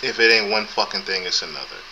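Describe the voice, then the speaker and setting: Deep-voiced man on a noisy camera mic. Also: lively intonation, quick pace, bright, forceful tone, lo-fi sound. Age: 30s. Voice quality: thin voice. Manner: laid-back, profane, chuckling. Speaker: podcast host. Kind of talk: casual live-stream chat. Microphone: built-in camera mic.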